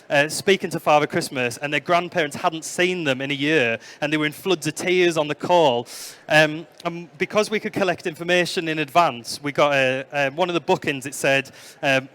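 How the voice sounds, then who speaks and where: A middle-aged man giving a conference talk, telling anecdotes with plenty of fillers. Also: on the high side. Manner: storytelling, warm anecdotes with fillers. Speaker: museum product development manager giving a conference talk. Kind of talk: conference presentation.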